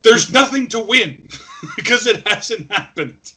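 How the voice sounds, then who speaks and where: A man co-hosting a movie podcast, recapping the plot in casual chat and joking through quick put-on voices. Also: sits high, lively intonation, bright, forceful tone, breathy edge. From Canada. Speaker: podcast co-host.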